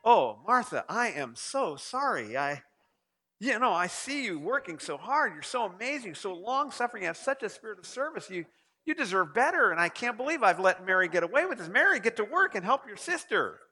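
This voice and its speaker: A man's voice: high-pitched, sing-song, brisk, pushed and bright, long reverb tail, pitched above the performer's own voice, full character voice. A man doing a fawning, gushing apologizer. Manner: effusive, fawning praise.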